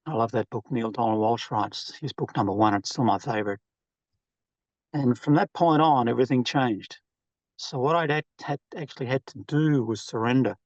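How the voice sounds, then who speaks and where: Man caller, mid-pitched, earnest and plainspoken, dull dry call sound. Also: moderate pace, dry recording. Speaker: participant sharing on a group call. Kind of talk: personal story shared on a call.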